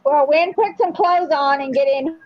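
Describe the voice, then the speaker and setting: High-voiced woman hosting a live chat. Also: moderate pace, dry recording. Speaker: live-stream host. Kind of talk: casual live-stream chat. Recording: dull, dry lo-fi audio.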